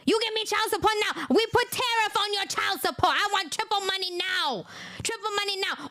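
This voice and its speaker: A woman's voice: extremely high pitch, pushed and bright, voice pushed up, exaggerated voice. A woman mocking a scheming woman who demands money in broken English, with clipped, repeated threats.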